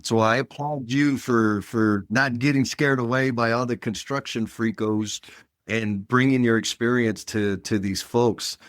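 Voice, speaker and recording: A man hosts a casual podcast chat, blunt and emphatic as he tells his stories. His voice sits at an ordinary middle pitch. The sound is close and dry, with no room echo. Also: fairly even intonation, unhurried. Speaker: podcast host.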